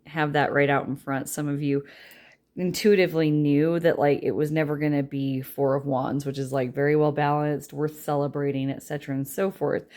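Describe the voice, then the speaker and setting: A woman's voice: low-pitched, level tone, normal speed, darkish tone. A woman giving a casual tarot reading, chatty and rambling, with a light Southern drawl that slips in. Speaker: tarot reader.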